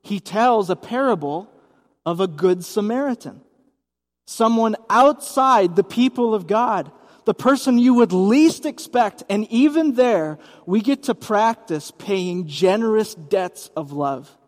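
A man's voice: high-pitched, lively intonation, slow, big-room sound. A man preaching a sermon as pastor, speaking conversationally and asking the congregation questions, at a church service in a gymnasium. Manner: conversational, asks the audience questions.

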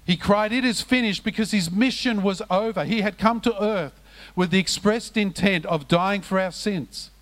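A man preaching a sermon as pastor, passionate, dropping to hushed lows and rising to raised, emphatic cries. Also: moderate pace.

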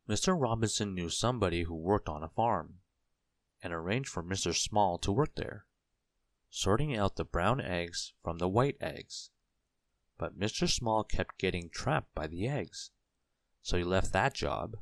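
A man reading a children's storybook aloud in a slow, gentle, clear storytelling manner. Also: deep voice, dry recording. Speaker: narrator.

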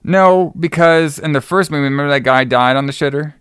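A man's voice: fairly high pitch, fairly quick, fairly bright tone, clean tone, no room sound, clean studio sound. A man casually recapping a movie plot, rambling and swearing, acting out the characters' lines and laughing as he goes. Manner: rambling, profane, acts out quotes with laughs. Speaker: podcast co-host recapping a movie.

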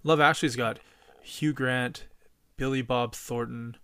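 A podcast host, a man from British Columbia, talks in a relaxed, chatty way. He tells stories eagerly and swears freely, in a mid-range voice. The sound is close and dry. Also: medium pitch, unhurried, smooth, no room sound. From British Columbia, Canada. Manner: eager storyteller, swears casually. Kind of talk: casual chat.

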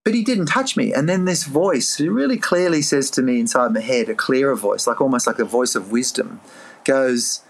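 A middle-aged Australian man, a life coach, telling a personal story in a podcast interview, earnest and animated, often jumping into a higher voice to act out his own past thoughts. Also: normal speed, gravelly.

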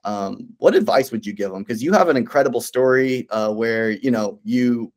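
A man's voice: medium pitch, moderate pace, a little mellow. A man who is a pastor, speaking earnestly and encouragingly in a casual faith conversation, with many fillers and restarts.

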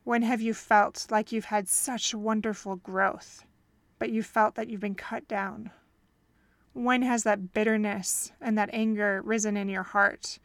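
A woman's voice: medium pitch, fairly even intonation, unhurried, no room sound. Earnest woman telling a faith story. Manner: earnest, reflective, asks listeners questions. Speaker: podcast host and counselor. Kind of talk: faith-based podcast storytelling.

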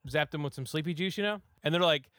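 Male podcast host, chatty rambler who acts out quotes, quick and slightly high, clean and dry. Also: fairly bright tone, dry recording. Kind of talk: casual movie recap.

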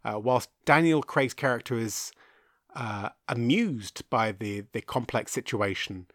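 A man's voice: mid-range voice, expressive, measured pace, fairly bright tone, dry recording, studio quality. A young man hosting a film podcast, reviewing movies in a chatty, rambling, self-deprecating way. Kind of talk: casual solo film review.

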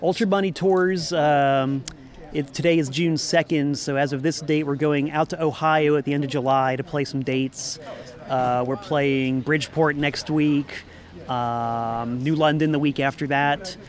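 A man's voice: a little high, steady tone, a little slow. A man, a musician and former record store owner, talking in a rambling, upbeat way in a casual interview in a parking lot. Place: parking lot outside a venue.

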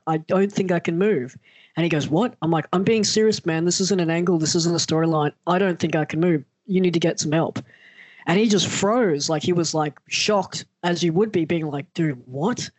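A man's voice: on the high side, dry recording. A man, a wrestler, telling a story in casual talk and acting out the voices he quotes. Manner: animated, acts out quoted voices.

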